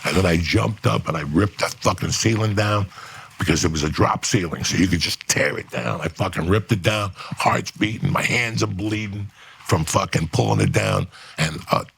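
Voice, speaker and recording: This man has a very low, gravelly voice with a husky, rough edge. He tells a profane story in a studio, jumping into other people's lines as he goes. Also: normal speed. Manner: animated, swearing, acts out other people's lines. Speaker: guest storyteller. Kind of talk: profane anecdote telling.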